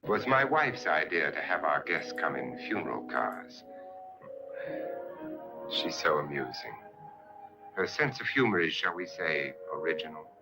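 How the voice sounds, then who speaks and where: Very deep-voiced, sardonic rich host, lively, smooth 1950s film delivery, music under an old soundtrack. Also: male voice, measured pace, long pauses, heavily acted, low-quality recording. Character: suave wealthy man hosting a sinister party. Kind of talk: 1950s horror film acting.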